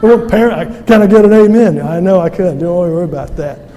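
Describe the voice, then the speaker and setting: Brisk and warm, a high-voiced man delivers a sermon full of folksy humor and emphasis. The setting is a church sanctuary whose echo and faint noise come through on the recording.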